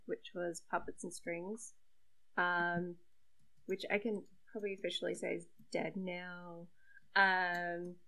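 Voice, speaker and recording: A young woman, a webcomic creator and site regular, chats casually on a podcast about making webcomics. Her voice is on the low side and a bit bright with vocal fry, and she's self-deprecating, full of fillers and laughter. The recording quality is low.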